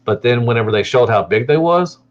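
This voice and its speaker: A man's voice: medium pitch, lively intonation, fairly quick. A man co-hosting a casual toy review livestream, laid-back, laughing often and drawing out his fillers. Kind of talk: casual chat. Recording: slightly dull, lo-fi audio.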